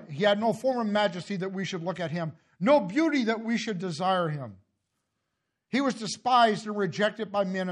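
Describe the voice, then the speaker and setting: A man preaching a sermon and reading scripture, impassioned, swinging from loud calls to low, hushed lines, often coughing and clearing his throat. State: emotional, tearing up. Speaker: pastor.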